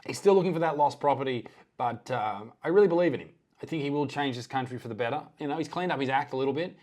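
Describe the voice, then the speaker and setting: An Australian man gives casual reaction commentary on videos, sarcastic and deadpan with heavy swearing. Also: mid-range voice, fast.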